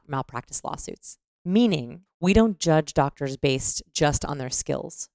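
Low, gravelly-toned woman, animated podcast explainer, dry close sound. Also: no room sound. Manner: animated, demonstrates voices mid-explanation.

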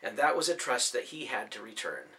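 A man reading a fantasy story aloud as scripted narration, with expressive storytelling. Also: medium pitch, a little fast. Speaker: audiobook narrator.

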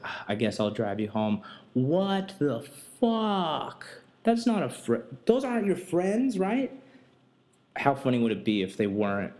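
A young man hosting a podcast, telling a casual, profane and animated story about his life and work. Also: fairly low pitch. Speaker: podcast host.

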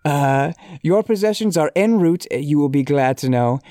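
A man's voice: on the high side, lively intonation, normal speed, dark tone, no room sound, clean studio sound, lightly acted. A man voicing a prickly male Irish restaurant owner in a comic reading, putting on an Irish accent and sounding sarcastic and mock-polite.

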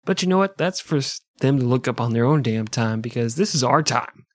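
A man's voice: mid-range voice, brisk, no room sound, clean studio sound. A man co-hosting a comedy history podcast, joking and swearing in casual chat. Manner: profane, joking, animated. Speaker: podcast co-host.

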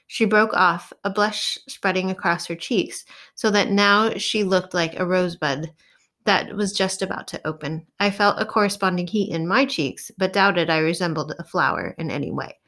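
Lowish woman reading a novel aloud. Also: moderate pace, a bit bright. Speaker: audiobook narrator. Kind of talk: first-person novel narration.

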